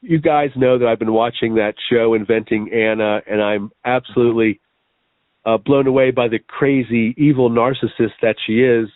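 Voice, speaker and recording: A man's voice: medium pitch, fairly even intonation, normal speed, dry recording. A man co-hosting a review show, chatting enthusiastically with his co-host. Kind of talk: casual chat. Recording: dry tinny phone-like line.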